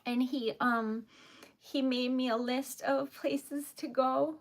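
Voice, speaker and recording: A high-voiced young woman chats on her live stream, telling stories in an unhurried, easygoing way. She talks loosely with plenty of "like" and "um" and breaks into giggles often. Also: steady tone. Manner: giggly and emotional, many fillers. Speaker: livestreamer. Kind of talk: casual live stream chat.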